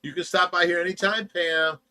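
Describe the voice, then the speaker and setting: A man's voice: high voice, steady tone, a little fast, a crowd in the background. An older man co-hosting a casual livestream, teasing his son and laughing often. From United States. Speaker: livestream co-host.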